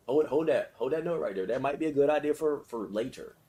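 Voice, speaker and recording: A man's voice: mid-range voice, animated, fast talker, few pauses, dark tone. A man leading a casual self-help lesson and guided meditation, talking conversationally, repeating himself and checking in with his listeners. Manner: conversational, repetitive, with frequent check-ins; laughs between phrases. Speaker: self-help study leader.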